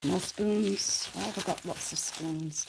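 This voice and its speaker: A woman's voice: fairly low pitch, slow, creaky, background noise. A woman chatting casually on a livestream, giggly and often dropping to a whisper, close to the mic.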